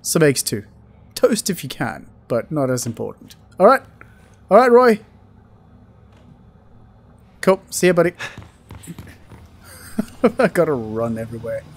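Playful, high-voiced gaming host. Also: male voice, big pitch swings, a little slow, long pauses, slight background noise. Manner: playful, laughs often, jokes at the game. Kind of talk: let's play commentary.

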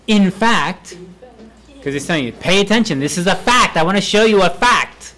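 A fairly high-voiced male professor lecturing a class on presentation skills. He repeats each key word several times, swinging it up and down to show how it should sound. His tone stays playful and energetic. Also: measured pace. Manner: repeats key words aloud for emphasis, lively and playful. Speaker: university English professor. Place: university classroom.

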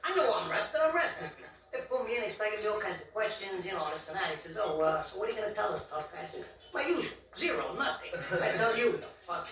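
Casting note: a swaggering, foul-mouthed gangster, volatile, high and sharp, heard from off in an echoey room. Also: male voice, sing-song, quick pace, few pauses, heavily acted. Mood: boisterous. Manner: swaggering, profane, turns menacing. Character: volatile, quick-tempered male gangster storyteller. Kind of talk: film drama dialogue. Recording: roomy, distant film soundtrack.

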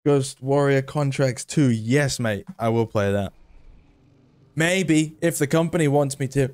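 A man's voice: medium pitch, measured pace, darkish tone, no echo. A man giving casual gameplay commentary, chatty and self-mocking, swearing when frustrated. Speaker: gaming video creator.

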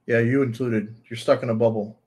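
A man's voice: mid-range voice, little pitch movement, fairly quick, a little mellow, breathy edge. A man giving blunt, profane reaction commentary on a video, piling up rhetorical questions.

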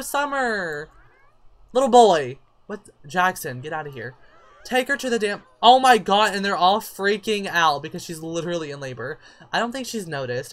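Sassy, bright-voiced game commentator. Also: mid-range voice. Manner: sassy, profane, talks to the game characters. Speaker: gameplay commentator. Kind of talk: casual let's-play commentary.

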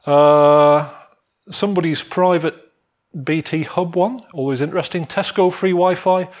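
A man lecturing a student society on wifi security in a jovial, animated way, acting out phones calling for networks. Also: a little high, a little slow. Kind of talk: technical talk to a student society.

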